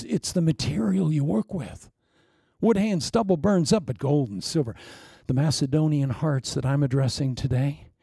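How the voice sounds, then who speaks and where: A man preaching a sermon with wry, self-mocking humor, swinging from loud emphasis down to hushed asides. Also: mid-range voice, creaky, slightly rough, no room sound, studio quality. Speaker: pastor.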